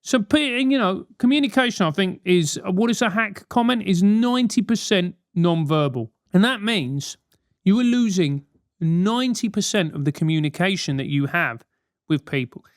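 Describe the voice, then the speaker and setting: High-voiced London man, blunt banter. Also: animated, moderate pace, dry recording, studio quality. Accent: London English. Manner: blunt, sweary, mock-outraged banter. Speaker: podcast host answering listener letters. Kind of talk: comedic advice monologue.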